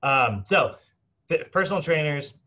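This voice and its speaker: A man teaching a fitness course in a casual recorded lecture, chatty and animated, laughing often and acting out the people he describes. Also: fairly high pitch, measured pace. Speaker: fitness instructor. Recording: slightly dull lo-fi sound.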